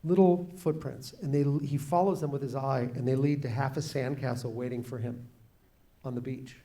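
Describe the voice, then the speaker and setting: A man, an author, telling a story to students in an animated way, slowing down and quieting for drama. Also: mid-range voice. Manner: animated, shifts pace and volume for drama. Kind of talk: storytelling talk to a class.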